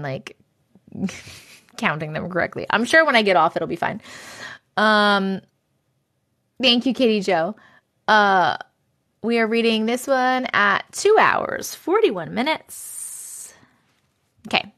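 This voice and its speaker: Animated woman live-streamer, lively swings in pitch. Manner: animated, swears freely, exclaims in disbelief. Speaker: live-stream host reading viewer stories. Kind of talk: casual live-stream chat and story reading.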